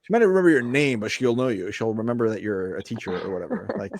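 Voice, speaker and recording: A man's voice: lowish voice, fast, no echo, clean studio sound. A man in his thirties hosting a podcast, joking around casually and swearing a lot. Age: 30s. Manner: joking, profane, loose. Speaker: podcast host. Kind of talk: casual chat.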